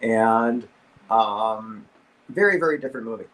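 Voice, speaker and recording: A middle-aged man, a guest voice actor, telling a casual anecdote over a video call and acting out the quotes and squeaks. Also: unhurried. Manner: animated storyteller, acts out quotes and squeaks.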